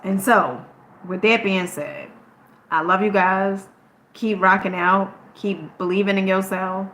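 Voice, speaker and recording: A woman's voice: mid-range voice, fairly even intonation, a little slow, a bit bright, reverberant, low-quality recording. A woman content creator giving an emphatic, preachy motivational talk to her viewers. She keeps checking in with "okay?" and swears casually.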